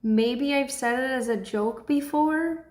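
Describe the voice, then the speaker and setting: Young woman in her twenties hosting a chatty stream, unhurried delivery, slightly high voice, echoey room. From Texas. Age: 20s. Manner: chatty, laughs often, breaks into excited shouts. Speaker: livestream host. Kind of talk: casual livestream chat.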